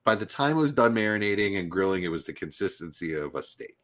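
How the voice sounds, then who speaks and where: A middle-aged man chatting casually on a podcast, telling lively food stories and slipping into quick mimicry. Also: low-pitched. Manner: animated storyteller, mimics accents in passing. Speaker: podcast co-host. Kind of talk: casual chat.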